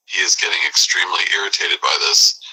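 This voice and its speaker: A man narrating a whispered role-play in a hushed voice, describing a figure's growing anger to the listener. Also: deep voice, quick pace, slightly rough, rough recording.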